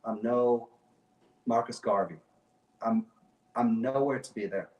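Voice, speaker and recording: A man's voice: mid-range voice, measured pace, a little mellow, highs cut off. Brief: impassioned male guest, emphatic repeats, roomy sound from a distance. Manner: passionate, emphatic, repeats phrases. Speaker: guest activist. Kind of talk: impassioned talk show speech.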